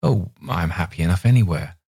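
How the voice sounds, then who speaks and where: A man's voice: low-pitched, lively intonation, fairly quick, mellow, husky, dry recording, clean studio sound, exaggerated voice. A man reading a story aloud voices a precocious, sweetly teasing young boy in a raised, coaxing voice.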